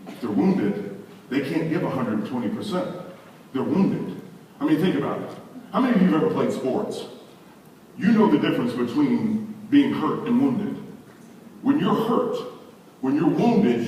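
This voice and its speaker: Male seminar speaker, animated and preachy, distant in a very echoey hall. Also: medium pitch, a little slow, long pauses, a little hiss or hum. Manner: animated, preachy, addresses the audience directly. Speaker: leadership conference speaker. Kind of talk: motivational seminar talk. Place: large hall with audience. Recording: echoey hall recording from far off.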